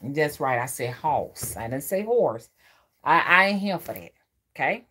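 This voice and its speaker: A woman's voice: low-pitched, very animated, unhurried, pushed and bright, slight background noise. A woman, a spiritual reader giving a profane, emphatic ranting monologue and often asking the listener whether they follow. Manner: profane, preachy, emphatic, asks the listener to agree.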